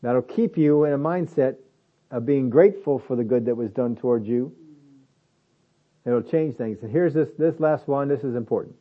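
A man preaching a conversational sermon, slowing down to repeat his key phrases for emphasis. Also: mid-range voice. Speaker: pastor. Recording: phone-like narrow band.

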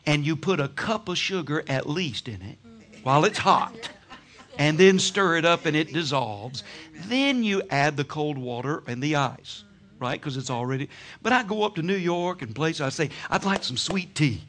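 A man preaches with a high, bright voice that leaps up and down in pitch. He tells homely stories, breaks into laughter and shouts his praises. His delivery is animated and full of sudden swings. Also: normal speed. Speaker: pastor. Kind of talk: sermon.

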